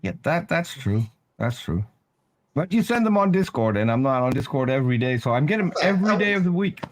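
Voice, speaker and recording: A man's voice: medium pitch, very animated, fairly quick. A man from the Netherlands, teasing and hesitant in a casual live chat. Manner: teasing, hesitant, restarts sentences.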